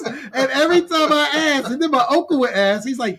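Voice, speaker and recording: A man co-hosting a podcast, telling a quick story playfully and laughing as he talks. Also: very high voice, lively intonation, crowd noise. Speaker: podcast co-host. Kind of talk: casual conversation.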